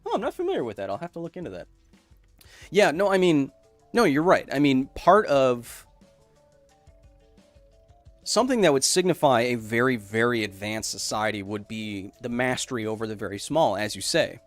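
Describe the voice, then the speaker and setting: Young male streamer, casual and self-interrupting, mid-pitched, soft music bed. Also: sing-song, moderate pace, long pauses, no echo. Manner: rambling, self-interrupting, loose explanations. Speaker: livestream science host. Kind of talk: casual live chat, reading viewer messages.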